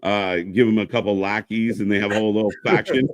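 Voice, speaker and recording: A man co-hosting a casual live wrestling stream, calling the action with hyped, animated reactions. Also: fairly low pitch, quick pace, a little hiss or hum. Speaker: co-host. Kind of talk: casual live play-by-play chat.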